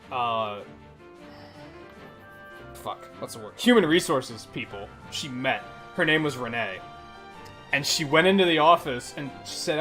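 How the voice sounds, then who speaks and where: Animated, swearing game streamer man. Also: a little high. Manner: animated, rambling, swears often. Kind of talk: casual live-stream commentary. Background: faint game music.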